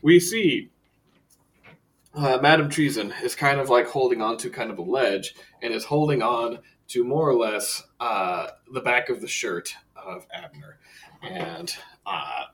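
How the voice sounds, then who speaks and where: A man's voice: medium pitch, a bit bright, recorded from a distance. A man narrating a tabletop game as game master, loose and rambling with lots of fillers.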